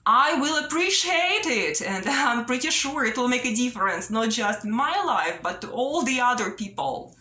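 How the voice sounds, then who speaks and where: Earnest woman pleading slowly in an echoey room. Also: a little high, lively intonation, pushed and bright. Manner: slow, repetitive, pleading, ends phrases with "yeah?". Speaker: vlogger. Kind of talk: earnest direct-to-camera appeal. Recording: roomy echo.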